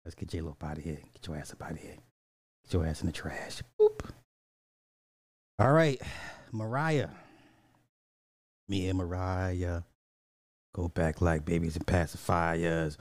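A man's voice: deep voice, measured pace, pauses often, darkish tone, dry recording, studio quality. A man, reacting to music clips in casual commentary, blunt and petty, drawing out repeated words. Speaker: reaction streamer.

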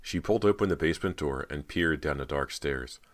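A man narrating a horror audiobook in an even, measured way. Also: a bass voice.

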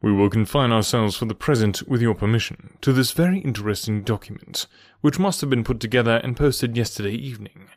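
A man reading aloud and voicing a keen, confident middle-aged detective who speaks in a measured, pointed way. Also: no echo, studio quality, close to an everyday voice. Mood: assured. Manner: measured, precise and pointed, voice dropped lower.

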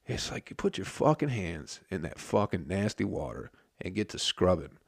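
Low-voiced man venting, heavy profanity. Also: big pitch swings, moderate pace, gravelly, darkish tone, breathy edge, no room sound, studio quality. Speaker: restaurant kitchen worker. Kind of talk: casual storytelling rant.

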